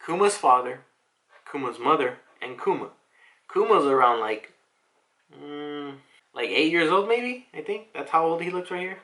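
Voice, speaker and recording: A man's voice: fairly high pitch, lively intonation, measured pace, pushed and bright. A young man casually recapping a manga chapter, chatty and full of "like" fillers, acting out the characters' lines and swearing now and then. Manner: chatty, lots of "like" fillers, acts out quotes.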